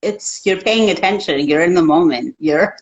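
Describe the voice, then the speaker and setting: A woman guest who works as a life coach, talking in a calm, reassuring, counseling way. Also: fairly low pitch, normal speed, dull audio. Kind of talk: casual chat.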